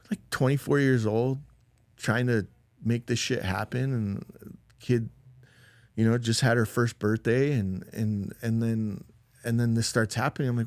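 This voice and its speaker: Casually recounting something that happened to him on a podcast, a man uses a mid-range, darkish voice with steady tone and an unhurried pace, with no room sound. He leans heavily on "like" and "dude," rambles, and raises his voice for the quoted parts.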